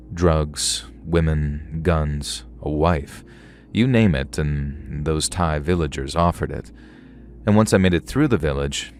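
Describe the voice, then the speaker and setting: A man with a strikingly deep, low voice tells a first-person horror story. His delivery is dry and wry, like recounting something to a friend. Faint music sits under the narration. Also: darkish tone.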